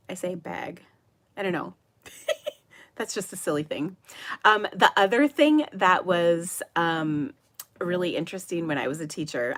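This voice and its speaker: A middle-aged woman, hosting a casual live stream and chatting with viewers in a giggly, rambling way. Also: low voice. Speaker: livestream host of a papercraft show. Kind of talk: casual live chat reading viewer comments.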